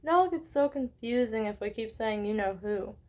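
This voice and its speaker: A woman reading aloud and voicing a gentle, mild elderly male wizard headmaster. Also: fairly high pitch, expressive, normal speed, lightly acted.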